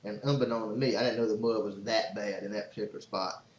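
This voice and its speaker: A man hosting a podcast, telling a long story in a casual, excitable, rambling way. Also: fairly low pitch, quick pace. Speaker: podcast host and father. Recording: roomy, slightly dull sound.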